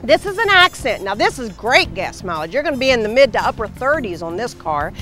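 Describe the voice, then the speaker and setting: A woman co-hosting a car dealership show, presenting cars in a peppy, enthusiastic sales pitch. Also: big pitch swings, a little fast, bright, forceful tone, faint music behind.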